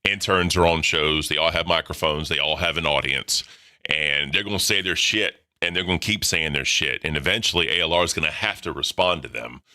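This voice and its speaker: A man co-hosting a casual livestream, rambling and self-correcting with a very deep voice and lots of "right?". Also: fairly quick, bright, forceful tone, no room sound, clean studio sound. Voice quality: very deep low voice. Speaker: co-host.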